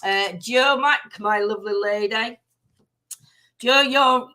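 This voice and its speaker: A woman's voice: on the high side, slow pace, pauses often, bright, forceful tone. A middle-aged woman with a Northern English accent hosting a casual live stream. She rambles through lots of fillers, reads oracle cards and greets her viewers by name.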